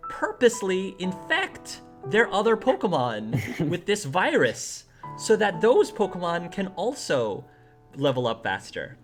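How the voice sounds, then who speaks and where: A man running a tabletop game as game master, explaining the setting in an animated way with laughing asides. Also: high-pitched, a little slow, soft background music.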